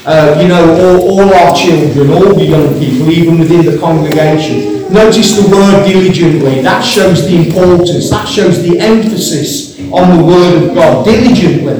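Man preaching, high voice, earnest, echoey hall, noisy, distant mic. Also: moderate pace, a little mellow. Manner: earnest, rising to impassioned emphasis. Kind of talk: sermon. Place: church building.

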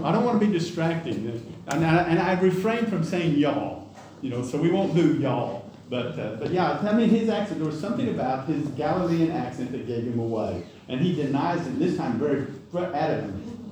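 A man's voice: mid-range voice, dark tone, a little hiss or hum. A man preaching a sermon in a folksy, conversational way, with asides and self-corrections. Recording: echoey hall, distant mic.

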